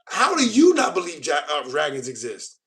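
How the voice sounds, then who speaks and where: A man's voice: on the high side, huge pitch swings, moderate pace. An American man hosting a casual stream, reading viewer comments aloud with mock outrage and calling people bro. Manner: joking, mock-offended, calls viewers bro. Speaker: host.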